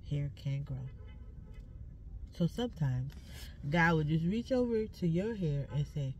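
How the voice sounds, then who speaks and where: A woman's voice: sits low, unhurried, pauses often, a little mellow, a little hiss or hum. A woman ranting to camera from inside a car, emphatic and full of curse words, preaching between complaints. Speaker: social media creator.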